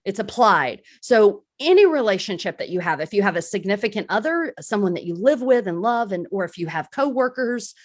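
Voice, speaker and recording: A woman's voice: medium pitch, animated, brisk, hardly any pauses. A woman speaking in a candid, self-deprecating way, giving a casual recovery talk on a live stream as a crisis support speaker.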